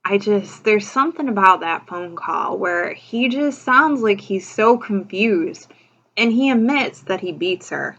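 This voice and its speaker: A chatty woman talks through a true-crime case in a casual, opinionated way, filling her sentences with "like" and "you know". Her voice sits at an ordinary middle pitch. The recording is muffled and lo-fi. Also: lively intonation, measured pace, a bit bright. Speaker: true-crime video host. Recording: dull lo-fi recording.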